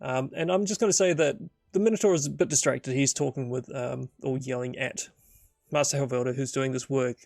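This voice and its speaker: Gravelly man narrating a solo tabletop game. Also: medium pitch, steady tone, brisk, darkish tone, no room sound, clean studio sound, soft background music. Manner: rambling, thinking aloud with many fillers.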